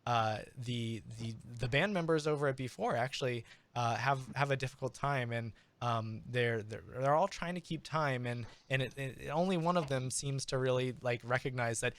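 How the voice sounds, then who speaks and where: A man narrating a tabletop game as game master, animated and full of restarts. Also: medium pitch, moderate pace, hardly any pauses, no room sound. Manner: animated, many restarts and fillers.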